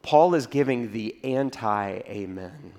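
A man preaching to his congregation at a mid pitch. He tells stories in a relaxed, conversational way. He drops his voice low to act out his own reactions. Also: slow pace. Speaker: pastor. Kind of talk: sermon.

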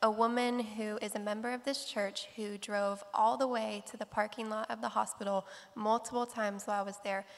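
A young woman in her late teens, a high school senior, telling a short story in a composed way. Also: level tone, normal speed, vocal fry, hardly any pauses. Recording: echoey hall.

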